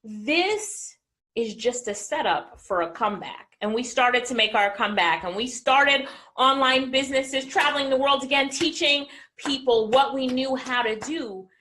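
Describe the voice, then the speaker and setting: A middle-aged woman business coach giving an energetic motivational talk to an online audience, often asking listeners questions. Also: on the high side.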